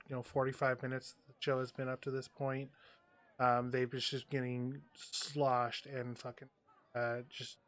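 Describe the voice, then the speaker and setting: A man's voice: mid-range voice, a bit bright. A man running a tabletop role-playing game as game master, talking loosely with lots of fillers. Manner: rambling with many fillers.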